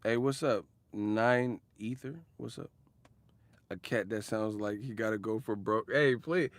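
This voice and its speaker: A young man with a fairly low voice rants in slang for a casual boxing vlog, taking his time as he swears and laughs. He's a boxing commentary vlogger, and the recording is dry.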